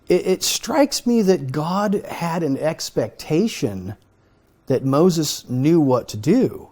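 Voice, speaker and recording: A man's voice: on the high side, sing-song, slow, dark tone. A man leading a conversational Torah study, talking earnestly and thinking aloud. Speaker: Bible study teacher.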